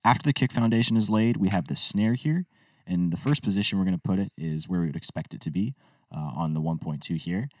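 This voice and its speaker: A man's voice: low voice, fairly quick, distant mic, slight background noise. A man and music producer talking through a tutorial step by step in an easygoing way. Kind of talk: screen-recorded tutorial walkthrough.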